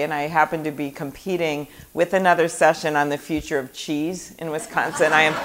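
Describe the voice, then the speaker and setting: A middle-aged woman from Minnesota, a senator, giving a chatty live speech full of anecdotes and fillers. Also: lowish voice. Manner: chatty storytelling with many fillers. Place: event hall before a live audience.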